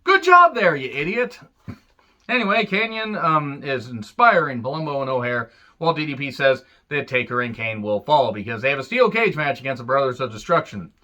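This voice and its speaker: A man's voice: medium pitch, animated, a little fast, pushed and bright, highs cut off. A man giving a casual, sarcastic and profane recap of an old wrestling show, full of jokey asides. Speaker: wrestling reviewer.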